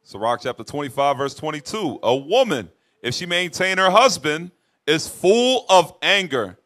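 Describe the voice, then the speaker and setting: A man reading scripture verses aloud in a measured, formal way. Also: fairly high pitch, big pitch swings, a bit bright. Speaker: scripture reader.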